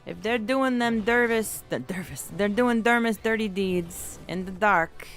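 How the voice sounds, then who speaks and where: A woman's voice: medium pitch, expressive, unhurried, faint music behind. A woman streaming a game, rambling playfully and chatting with her viewers. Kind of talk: live game stream chat.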